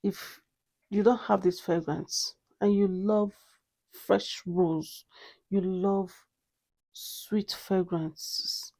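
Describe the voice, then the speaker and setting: A woman's voice: medium pitch, fairly even intonation, drawn-out words, warm tone. A woman reviewing a perfume in a casual vlog, gushing and repeating herself with many exclamations. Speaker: fragrance reviewer.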